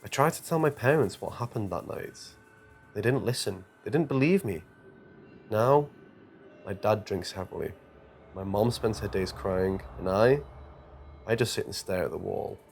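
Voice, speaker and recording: A man's voice: fairly low pitch, creaky. A man narrating a true scary story with dramatic, tense delivery. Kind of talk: scripted horror narration. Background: quiet music.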